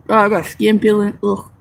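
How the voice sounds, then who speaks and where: A woman's voice: mid-range voice, vocal fry. A young woman with a Southern country twang chatting playfully with viewers on a livestream, laughing often and swearing casually. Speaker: livestream vlogger.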